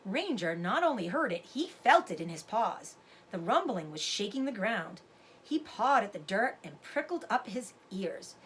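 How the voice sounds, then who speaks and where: A woman teacher reading a chapter book aloud to her students, expressive and stopping to explain words. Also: mid-range voice, a little slow, a little hiss or hum.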